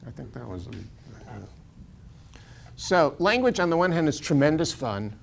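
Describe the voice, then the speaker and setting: Chatty American professor digressing. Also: male voice, a little high, big pitch swings, normal speed, gravelly, a little hiss or hum. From United States. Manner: digressive, chuckling, many restarts. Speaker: university professor. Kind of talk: casual lecture.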